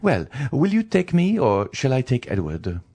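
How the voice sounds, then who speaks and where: A man voicing a calm, elegant society wife who asks question after question. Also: gravelly, full character voice. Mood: anxious questioning. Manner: raised pitch, rapid questions. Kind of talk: audiobook character reading.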